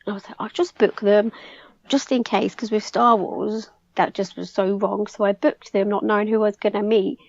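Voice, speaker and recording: A young English woman chatting excitedly as a podcast guest, peppering her story with "like". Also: medium pitch, normal speed, gravelly, no echo, lo-fi sound. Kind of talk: casual chat.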